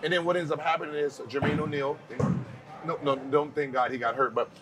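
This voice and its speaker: Animated man telling stories, noisy recording. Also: on the high side, a little fast. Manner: animated storyteller who acts out quoted voices. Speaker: podcast host. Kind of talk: casual podcast chat.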